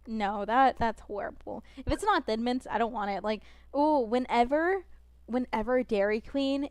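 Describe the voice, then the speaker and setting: A young woman streaming a game, talking fast and expressively, rambling with lots of fillers and restarts. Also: fairly high pitch, smooth, no room sound. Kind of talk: casual chat while gaming.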